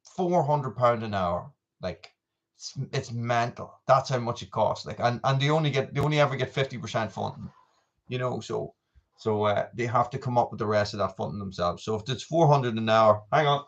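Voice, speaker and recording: A man's voice: mid-range voice, moderate pace, creaky, lo-fi sound. A man, chatting casually and rambling on a live stream, full of asides and restarts. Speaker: vlogger doing a live chat.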